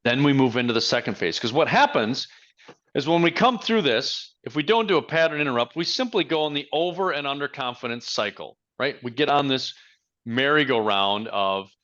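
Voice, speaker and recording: A male leadership coach giving a motivational talk, his voice bright and forceful. He speaks with emphasis and leans on rhetorical questions, heard through a dull, lo-fi recording. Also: mid-range voice, animated, moderate pace.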